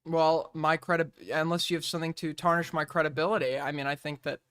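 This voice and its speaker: Bright-toned man moderating an online debate. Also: a little high, little pitch movement, brisk, smooth. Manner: moderating, interjecting, blunt.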